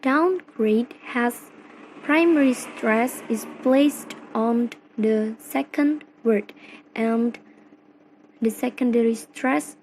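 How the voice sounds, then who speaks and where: A young woman from Indonesia with an Indonesian accent, reading a class presentation slowly and carefully, phrase by phrase. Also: fairly high pitch, a little mellow, a little hiss or hum, poor audio. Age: young adult. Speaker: student presenter. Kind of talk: read-aloud class presentation.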